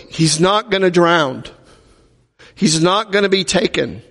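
A man's voice: high voice, expressive, a little slow, fairly bright tone. A male pastor preaching a sermon, emphatic and driving home his points with repeated rhetorical questions. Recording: reverberant hall.

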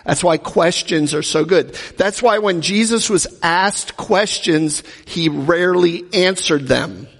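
A man with a fairly high, gravelly voice delivers a teaching sermon. He keeps it conversational and throws questions at his listeners. His voice rings with the long reverb of a big hall. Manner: conversational, asks the audience questions. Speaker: pastor teaching a Bible class.

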